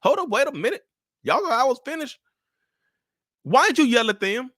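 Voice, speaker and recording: A man voicing a bewildered victim protesting in a high, flustered voice. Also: very animated, normal speed, fairly bright tone, no room sound, studio quality, full character voice.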